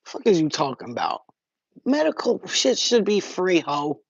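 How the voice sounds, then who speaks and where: A livestream host talking casually and cursing freely, breaking into quick impressions of other people. The voice sits in a middle pitch. The recording is dull and lo-fi, with a dry sound. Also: creaky, breathy edge, dry recording. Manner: profane, animated, acts out other people's voices.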